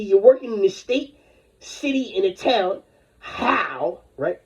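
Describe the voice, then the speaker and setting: A man's voice: high-pitched, expressive, a little slow, a little mellow, breathy edge. A man delivering an angry, rambling, confrontational rant full of profanity. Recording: dull lo-fi recording.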